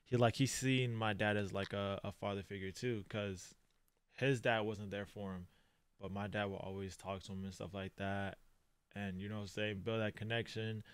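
A man hosting a reaction video, talking heartfelt and slang-heavy, swinging from quiet reflection to loud exclamations. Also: lowish voice, steady tone, normal speed, smooth, no room sound. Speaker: reaction channel host. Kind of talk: reacting to an anime.

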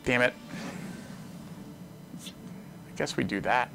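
A male host talks through his card game live at a middle pitch, joking and thinking out loud. He stays animated and playful, with faint music underneath. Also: slow, vocal fry. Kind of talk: casual livestream gameplay commentary.

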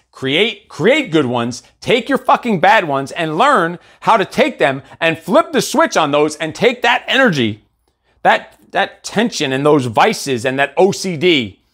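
A man's voice: a little high, fairly bright tone. A middle-aged man hosting a live motivational show, talking in a blunt, profane, intense way. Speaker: coach and show host.

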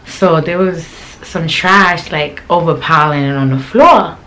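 A woman's voice: sits low, takes it slowly, fairly bright tone, slight background noise. A young woman, telling a storytime vlog in a blunt, slangy, profane way. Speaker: channel host.

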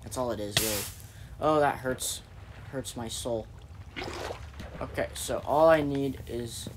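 A man narrates his own gameplay in a loose, joking ramble, trailing off and restarting as he goes. His pitch sits in an ordinary middle range. Faint keyboard clicking can be heard behind him. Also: takes it slowly, background noise. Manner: rambling, jokey, self-interrupting. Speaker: gaming channel host. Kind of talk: gameplay commentary.

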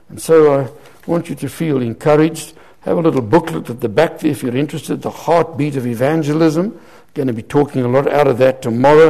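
A man's voice: mid-range voice, warm tone. An older man preaching a sermon, telling anecdotes and acting out both sides of conversations. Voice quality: gravelly and husky.

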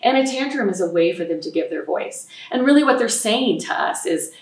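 A woman parenting expert giving calm, explanatory advice in an interview, acting out what parents might say. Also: mid-range voice, brisk. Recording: roomy echo, mic at a distance.

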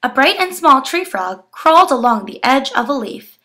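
A young woman reads a children's picture book aloud with expressive, animated storytelling. Her voice is high and bright, rising and falling widely. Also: moderate pace. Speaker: education student.

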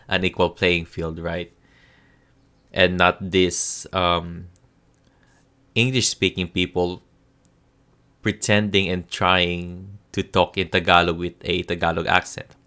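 A man's voice: low-pitched, bright, forceful tone, smooth. A Filipino man with a Filipino accent giving a casual spoken review, hesitant and full of ums and restarts. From Philippines. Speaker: show reviewer.

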